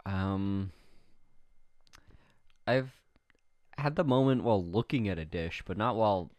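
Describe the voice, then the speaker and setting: A young man from Canada co-hosting a podcast, giving blunt opinions at a deliberate pace with casual swearing. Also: lowish voice, animated, a little mellow, dry recording. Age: young adult. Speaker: podcast co-host. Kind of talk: casual chat.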